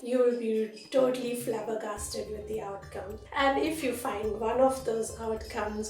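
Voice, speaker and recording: A woman yoga teacher speaking earnestly to her channel viewers, telling a personal story with gentle emotion. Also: medium pitch. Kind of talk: spiritual talk to camera. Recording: roomy echo, voice from a distance.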